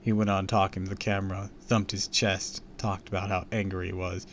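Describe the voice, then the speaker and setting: A man's voice: deep voice, little pitch movement, brisk, hardly any pauses. A man reading a horror story aloud on a stream, dramatic and dropping into whispers for suspense.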